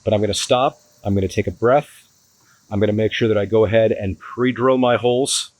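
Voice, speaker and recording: Man, casual DIY vlog, frustrated, halting, dry close sound. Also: fairly low pitch, fairly even intonation, a little mellow, no echo, low-quality recording. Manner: frustrated, self-critical, talks in restarts. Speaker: van-build vlogger.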